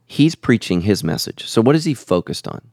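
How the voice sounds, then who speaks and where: A man's voice: on the low side, very animated, normal speed, a little mellow, no room sound, clean studio sound. A man who is a pastor and podcast host, teaching in an earnest, preacherly way and repeating phrases for emphasis.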